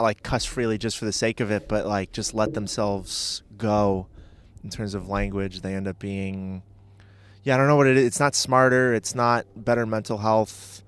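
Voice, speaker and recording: A man's voice: fairly low pitch, fairly bright tone, smooth. A man chatting casually as a podcast guest, rambling and hesitant with lots of filler words.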